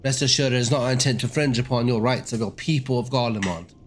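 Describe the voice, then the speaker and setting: A man's voice: mid-range voice, close to an everyday voice. A man voicing a courteous, diplomatic envoy in a put-on British accent. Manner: formal, measured.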